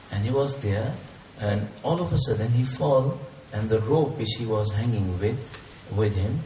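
A man's voice: mid-range voice, mellow, a little hiss or hum. A man whose first language is Urdu, preaching a sermon in English with earnest, repeated, rising emphatic questions. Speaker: Islamic preacher. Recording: roomy echo, distant mic, faint ambience.

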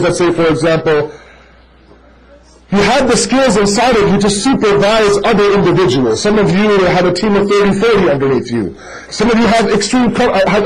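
High-voiced man preaching a sermon. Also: slight background noise, low-quality recording. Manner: animated, addressing listeners directly as brother; tells stories to make a point. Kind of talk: sermon to a live audience.

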